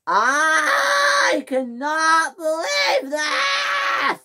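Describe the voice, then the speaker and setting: A woman voicing a vain, hot-tempered young male steam engine in a toy train story, whining, shouting and sobbing. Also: mid-range voice, animated, moderate pace, natural voice. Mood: furious. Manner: whiny, shouting and sobbing in outbursts.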